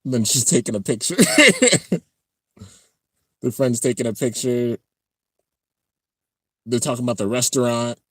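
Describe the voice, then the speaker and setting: A man hosting a casual live-stream reaction, talking excitedly and rambling as he comments on an episode. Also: mid-range voice, a little slow, pauses often, no echo, clean studio sound. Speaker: channel host reacting to an anime episode.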